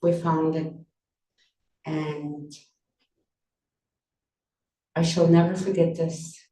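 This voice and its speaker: A woman on a book launch panel telling a personal story, soft-spoken and unhurried, with many pauses. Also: deep voice, steady tone. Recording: roomy sound from a distance, faint noise.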